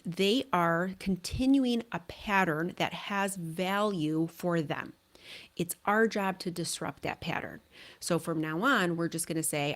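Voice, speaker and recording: Earnest woman coaching parents, low voice. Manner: earnest, conversational, often asks "right?". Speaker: parenting coach and podcast host. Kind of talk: solo podcast advice talk.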